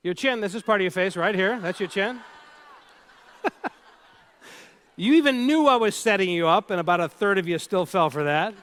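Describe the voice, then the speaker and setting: A man's voice: sits high, moderate pace, long pauses, fairly bright tone, smooth. A man giving a live keynote talk, telling stories playfully and speaking straight to the audience. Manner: storytelling, playful, engages the audience directly.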